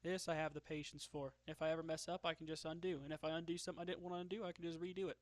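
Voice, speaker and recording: A man's voice: fairly high pitch, level tone, very fast, dry recording. A man chatting casually while drawing, joking about himself and laughing often. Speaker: streamer.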